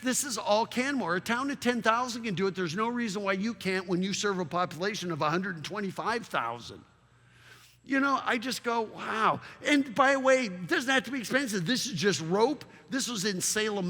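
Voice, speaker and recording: High, bright-voiced man presenting in hall. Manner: animated, full of rhetorical questions. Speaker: town marketing consultant. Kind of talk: public presentation with slides. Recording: long reverb of a large hall.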